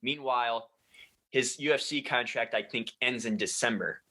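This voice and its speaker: Bright-voiced man explaining sports news. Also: medium pitch, normal speed, rough recording. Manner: explanatory, full of fillers like "like" and "kinda". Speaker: sports podcast co-host. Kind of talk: casual sports chat.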